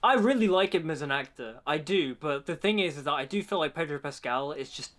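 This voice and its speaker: A man's voice: a little high, animated, a little fast, fairly bright tone. Chatty man reacting to a film trailer. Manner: chatty, leans heavily on "like". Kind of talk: casual trailer reaction commentary.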